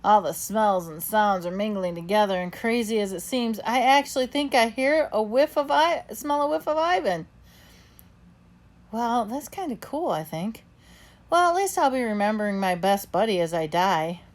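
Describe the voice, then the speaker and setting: A woman reading a children's novel aloud in the first person, with expressive storybook narration. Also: mid-range voice, normal speed. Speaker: audiobook narrator.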